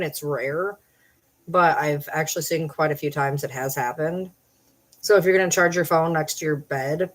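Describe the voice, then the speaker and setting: At home at night, a woman casually vlogs and chats to the camera. She calls and scolds her dogs in a high sing-song, and the audio is poor.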